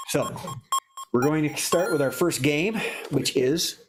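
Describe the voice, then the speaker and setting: A slightly high male voice at normal speed, heard over music in a warm indoor studio. He hosts a live improv comedy show, rambling and joking with many restarts.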